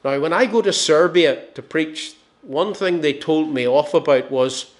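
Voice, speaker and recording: A man in his sixties with a Northern Irish accent, preaching a sermon. He tells stories with gentle humour and lets his phrases fall soft and slow at the ends. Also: a little high. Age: 60s.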